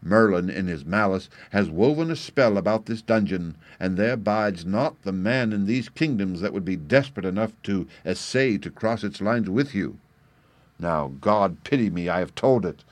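A man's voice: fairly low pitch, expressive, normal speed, no echo, close to an everyday voice. A man voicing a frightened young page boy who pleads in old-fashioned speech, as a character voice in an audiobook. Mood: fearful.

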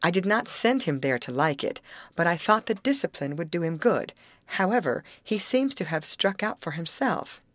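Casting: a woman doing a measured, dryly musing storybook father, low and expressive. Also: no echo, natural voice. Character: stern but fond middle-aged father.

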